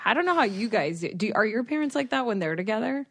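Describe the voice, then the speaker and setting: A woman's voice: fairly high pitch, fast, no room sound, studio quality. A woman in her thirties co-hosting a podcast, telling stories in casual chat and acting out her parents' lines. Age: 30s. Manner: animated storyteller mimicking her parents. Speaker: podcast co-host.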